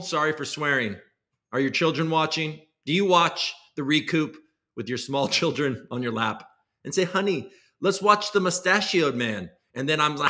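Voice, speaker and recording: A loose, self-mocking man hosts a casual live stream, swearing freely as he jokes around. His voice is bright and forceful, and his pitch swings up and down in a lively way. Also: measured pace. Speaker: host. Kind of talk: casual livestream chat.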